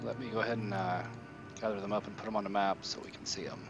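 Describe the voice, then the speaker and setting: Laid-back game master, lo-fi recording. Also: male voice, lowish voice, fairly even intonation, fast. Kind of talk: narrating a tabletop game. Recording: dull lo-fi recording with faint music.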